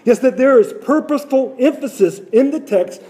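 A man's voice: extremely high pitch, expressive, normal speed, dark tone. A man preaching a sermon to his congregation, repeating phrases and asking rhetorical questions.

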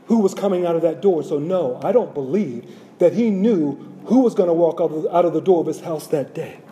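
A man delivers a sermon in a high, mellow voice. He repeats key phrases for emphasis and poses rhetorical questions to his listeners. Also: a little hiss or hum. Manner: repetitive, rhetorical questions to congregation. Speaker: preacher.

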